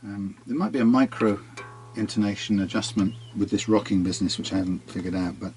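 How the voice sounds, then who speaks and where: A man's voice: lowish voice, steady tone, a little fast, darkish tone. A man working as a guitar technician, talking himself through a hands-on workshop demonstration in a musing way.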